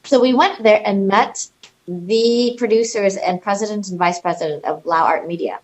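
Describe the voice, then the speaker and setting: A woman's voice: mid-range voice, moderate pace, lo-fi sound. A woman from the United States, a film director and podcast guest, telling stories animatedly, laughing, swearing and acting out other people's voices. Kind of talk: casual interview storytelling.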